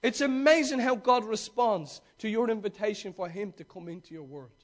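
A man's voice: high-pitched, moderate pace. A male preacher giving a sermon, retelling a story with emphatic repetition and direct questions to the congregation.

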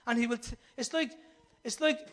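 A man's voice: very high voice, normal speed, a bit bright, faint music behind. A man preaching a fervent sermon. He fires rhetorical questions at the congregation and acts out quoted voices. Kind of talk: impassioned sermon.

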